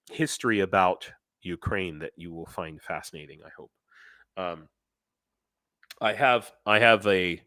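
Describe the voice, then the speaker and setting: A man's voice: fairly low pitch, bright, forceful tone, dry recording, clean studio sound. A man hosting a casual live stream who also works as a teacher. He rambles, restarts his sentences and answers viewers by name.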